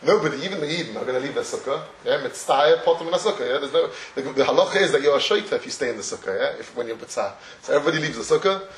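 A man's voice: mid-range voice, animated, racing, hardly any pauses, a little hiss or hum. A man giving a Torah lecture, telling stories animatedly with many restarts and chuckles. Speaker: Torah teacher. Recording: echoey room, distant mic, faint ambience.

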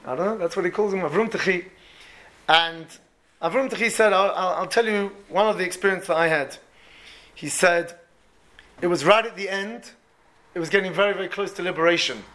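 Man, high-pitched, preaching through a story, animated, repeats words. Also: brisk, long pauses. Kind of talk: storytelling sermon.

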